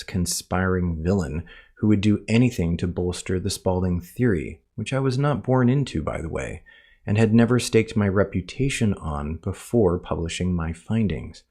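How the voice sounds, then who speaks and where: Deep-voiced man in precise, formal commentary. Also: expressive, normal speed, warm tone. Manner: precise, formal, spells words out letter by letter; pointed, addresses his critic directly. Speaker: author rebutting a critic. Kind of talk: scripted commentary video.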